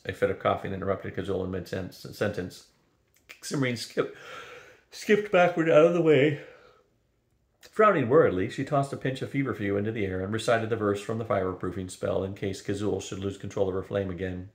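A man's voice: sits low, brisk, gravelly. Older man reading a storybook aloud. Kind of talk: reading a children's novel aloud. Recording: roomy echo.

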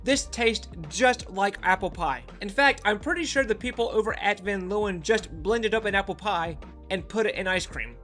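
Food vlogger, casual taste test, upbeat, enthusiastic, bright forceful voice. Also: mid-range voice, normal speed, soft background music. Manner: upbeat and enthusiastic, talks straight to viewers.

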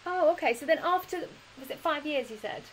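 A woman's voice: high-pitched, fairly quick, crowd noise, poor audio. A woman hosting an interview over a video call, asking curious, encouraging questions. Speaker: interview host. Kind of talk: casual interview.

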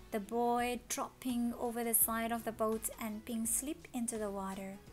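A woman reading a children's story aloud, expressive with dramatic gasps. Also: on the high side. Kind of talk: children's read-along story.

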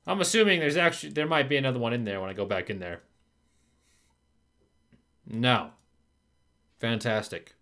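A man's voice: mid-range voice, normal speed, pauses often, bright, forceful tone. A man narrating his own gameplay, frustrated and swearing as he talks to himself. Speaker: gaming video creator. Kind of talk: gameplay commentary.

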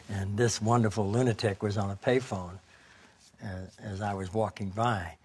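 A man in a documentary interview, telling animated anecdotes and imitating voices. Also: fairly low pitch, a little slow, breathy edge. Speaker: interviewee, actor.

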